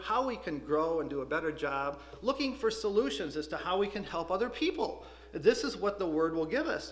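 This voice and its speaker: A man teaching a Bible school class, preaching in an animated, conversational way. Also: sits high. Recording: echoey room.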